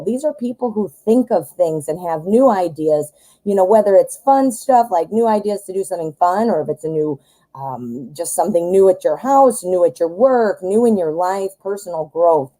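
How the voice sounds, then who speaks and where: American woman, tarot live-stream host, hoarse, lowish mellow tone, chatty with viewers. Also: low-quality recording. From United States. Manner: chatty, talks directly to viewers. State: voice going hoarse.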